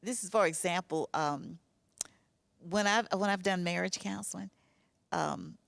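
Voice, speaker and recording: Woman, church counselor; low, gravelly voice; measured and careful; dry, close sound. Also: fairly bright tone, no room sound. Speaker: women's leader and counselor. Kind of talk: round-table church discussion.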